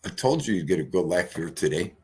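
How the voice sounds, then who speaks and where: Older male streamer, husky voice, slow and lively in pitch, cursing and rambling. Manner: profane, rambling, loud swings in volume. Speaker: livestream host. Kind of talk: casual livestream chat.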